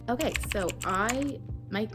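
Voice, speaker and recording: A woman's voice: a little high, takes it slowly. Chatty young woman crocheting, music behind. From Canada. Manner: chatty and rambling, with many fillers. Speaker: crochet vlogger. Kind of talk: casual chat while crocheting. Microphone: phone.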